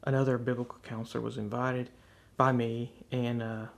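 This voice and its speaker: Earnestly and openly, a man shares his personal faith testimony, reflecting on what happened to him. He speaks at a moderate pace with a medium-pitched, level, gravelly voice.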